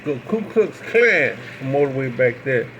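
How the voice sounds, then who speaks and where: A man's voice: medium pitch, sing-song, normal speed, a bit bright, lo-fi sound, slight background noise. A man voicing a blunt backwoods Southern man with a brash, drawling way of talking.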